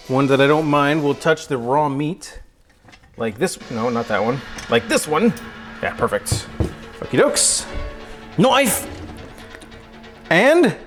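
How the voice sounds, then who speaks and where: Jokey man hosting a cooking livestream. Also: on the high side. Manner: joking, chatty, talks to himself while cooking. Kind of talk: casual livestream chat. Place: home kitchen. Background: music.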